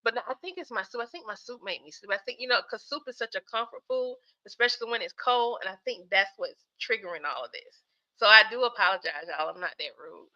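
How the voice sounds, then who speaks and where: A woman's voice: mid-range voice, lively intonation, fast, sharp tone, lo-fi sound. A woman hosting a live stream, chatting casually with viewers about skits, sleepy and yawning as she talks. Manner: chatty, talks straight to the chat, laughs often.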